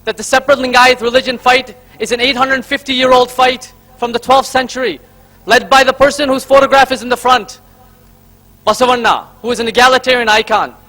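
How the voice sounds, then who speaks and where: A brisk, steady delivery marks this very high-pitched man from Karnataka, India, whose tone is bright and forceful. At a convention hall, he tells a story and then rhetorically enumerates points for the audience he calls friends.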